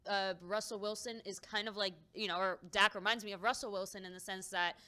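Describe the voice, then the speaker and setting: A woman co-hosting a casual live-stream sports chat, chatty and thinking out loud as she gives her opinions. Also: medium pitch, fairly even intonation, fairly quick, smooth. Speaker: fan show co-host.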